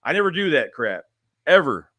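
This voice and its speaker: Man, fan streamer, slightly high and bright, blunt and rambly, dry close sound. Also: very animated, normal speed, no room sound. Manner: blunt, rambling, repeats and restarts phrases. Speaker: sports fan streamer reading chat. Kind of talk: casual livestream chat.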